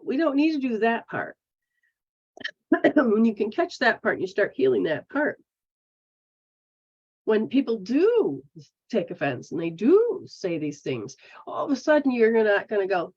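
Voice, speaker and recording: A woman giving a casual spiritual teaching talk. She acts out people's inner voices in a lively way. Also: on the high side, measured pace, long pauses. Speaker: metaphysical practitioner. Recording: dull lo-fi recording.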